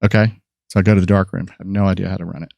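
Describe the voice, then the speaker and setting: A gravelly, fairly low-voiced man in his fifties, sitting as a podcast guest and spinning long anecdotes about his work. He rambles, restarts and fills pauses as he goes. The sound is dry and close. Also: little pitch movement, a little mellow, no room sound. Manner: rambling anecdotal storyteller, many fillers and restarts. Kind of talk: casual storytelling chat.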